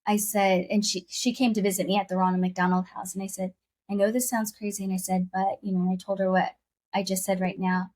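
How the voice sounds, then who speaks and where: A woman's voice: medium pitch, little pitch movement, a little fast, a little mellow. A woman guest telling a personal story in conversation, earnest and emotional, often repeating her phrases.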